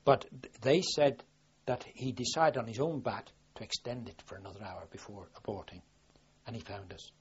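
An older war veteran from southwest England speaks in a mid-range, slightly rough voice. In this oral history recollection, captured on a dull lo-fi archive recording, he recalls his experiences in a rambling, plain-spoken way, often restarting.

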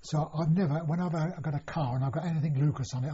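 A man's voice: on the high side, quick pace, hardly any pauses, dark tone, slightly rough. An older man recalling his past in an oral history interview, rambling with many restarts and fillers. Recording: dull lo-fi recording.

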